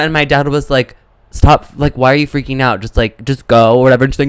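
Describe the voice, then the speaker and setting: Smooth-voiced man telling an animated story. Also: medium pitch, fast, no echo, rough recording. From American Midwest. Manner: animated storytelling, acts out quotes. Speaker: podcast co-host. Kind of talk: casual chat.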